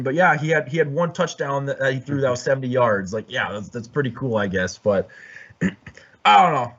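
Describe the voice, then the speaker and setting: A man hosting a sports podcast, chatting casually and rambling, with many restarts and throat clearing. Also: medium pitch, fast, a bit bright. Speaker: podcast host. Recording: dull lo-fi audio.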